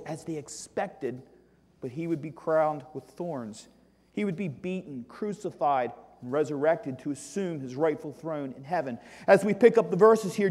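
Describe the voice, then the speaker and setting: A male pastor delivers an emphatic sermon in a high, bright-edged voice. He rises to loud exclamations and drops to quiet, almost hushed asides. The sound rings with the long reverb of a church sanctuary.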